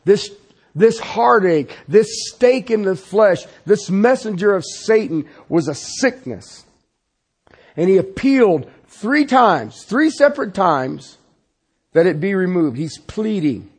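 A man preaching a sermon as pastor, swinging from loud insistence to hushed, pleading passages. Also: high voice, big pitch swings, takes it slowly, breathy edge.

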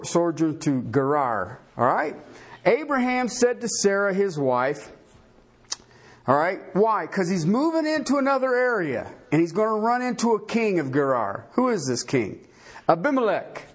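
A man preaching a sermon to a live congregation, folksy and joking, often asking questions and stumbling over his restarts. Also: high-pitched. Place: church before a live congregation.

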